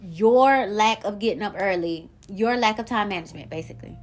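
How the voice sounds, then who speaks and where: A woman talks straight to her listeners as a solo podcast host. Her delivery is blunt and profane, and she tells her stories in an animated, rambling way. Her voice sits at an ordinary middle pitch for a woman. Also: fairly quick. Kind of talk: casual solo podcast monologue.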